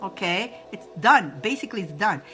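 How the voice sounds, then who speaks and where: A woman's voice: medium pitch, lively intonation, moderate pace, fairly bright tone, soft background music. A woman from Egypt hosting a casual spiritual advice talk, playful and laughing often as she leads viewers in roaring breath exercises.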